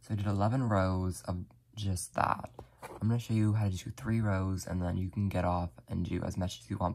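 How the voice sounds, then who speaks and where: A soft-spoken crafting tutorial host giving casual step-by-step instructions while working, often apologetic and leaning on "like" fillers. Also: low voice, flat delivery, brisk, creaky, breathy edge.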